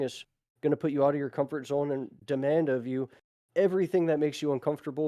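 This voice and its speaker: Earnest male podcast co-host with a warm, dry-sounding voice, reading aloud and musing. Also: medium pitch, dry recording. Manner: earnest, laughs often. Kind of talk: reading aloud and casual discussion.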